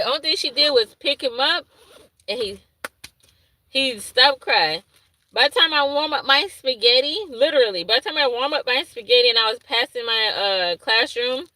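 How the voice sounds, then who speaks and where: High bright woman daycare teacher, super animated storytelling vlog, swoopy voice, laughs a lot. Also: normal speed, no room sound, low-quality recording. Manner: animated, laughing, acts out her own asides in dialect.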